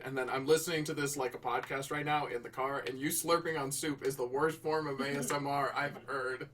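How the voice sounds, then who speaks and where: A man hosting a relaxed livestream, loose and joking and swearing as he talks. His voice is bright and forceful, at a middle pitch. He sounds a bit far from the mic, with faint noise behind him. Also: a little fast, hardly any pauses. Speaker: livestream host and writer. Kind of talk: casual livestream chat.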